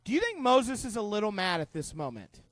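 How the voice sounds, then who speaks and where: A youth pastor talking to middle schoolers, lively and chatty, acting out the characters and questioning the room. His voice sits high for a man, and the sound is dry and close. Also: brisk, no room sound. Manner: animated, conversational, acts out characters, asks the group questions. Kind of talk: youth group Bible teaching.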